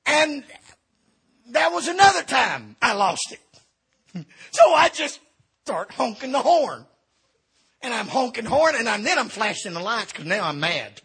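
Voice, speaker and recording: A middle-aged man, an evangelist, telling a comic story in a sermon, swinging between shouting and quiet confession. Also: extremely high pitch, very animated, a little slow, pauses often, breathy edge. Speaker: evangelist preacher.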